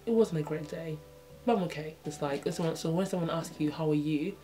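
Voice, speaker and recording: A woman in her twenties, a vlogger, chats casually to the camera in a reflective way, her voice low, a little fast, and mellow over soft background music. She often asks "you know what I mean" and acts out small exchanges in changed voices.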